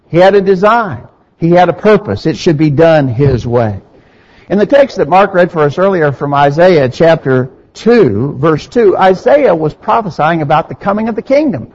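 A man's voice: fairly high pitch, a little mellow. A man preaching a sermon, asking rhetorical questions and reading scripture aloud with rising emphasis. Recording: dull sound with long reverb in a hall.

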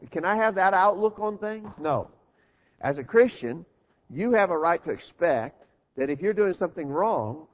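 A man preaching a sermon in an earnest, steady teaching manner, asking rhetorical questions. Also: medium pitch, husky. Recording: dull lo-fi recording.

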